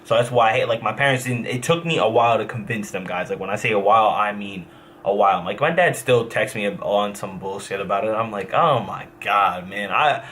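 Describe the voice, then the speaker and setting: A man's voice: on the low side, brisk, fairly bright tone, a little hiss or hum. A young man from New Jersey telling a story in a casual vlog, rambling, profane and full of restarts. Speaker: gamer vlogger.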